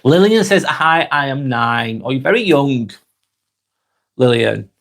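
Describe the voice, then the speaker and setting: A man in his forties with a Northwest English accent, getting over a cold, reading out viewers' comments and chatting back in a relaxed, friendly way. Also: mid-range voice, unhurried, creaky. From Northwest England. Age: 40s. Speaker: live stream host reading comments. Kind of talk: casual live chat.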